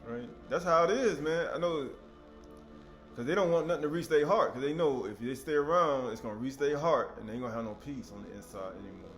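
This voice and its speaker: A man preaching a sermon in a conversational, animated way, with sudden loud outbursts. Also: medium pitch, brisk, faint music behind.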